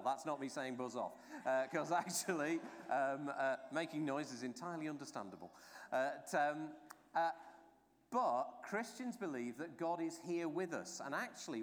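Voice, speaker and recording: A preacher giving an informal, chatty baptism sermon, telling the story with many asides and fillers. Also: mid-range voice. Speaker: clergy trainer preaching at a baptism. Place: church during a baptism service. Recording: long church reverb.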